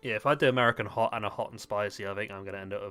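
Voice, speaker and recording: A man's voice: on the low side, fairly even intonation, rapid-fire, sharp tone, clear, resonant tone, soft background music. A man chatting casually while playing a game, joking, swearing and laughing often. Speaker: gaming video host. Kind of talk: casual chat while gaming.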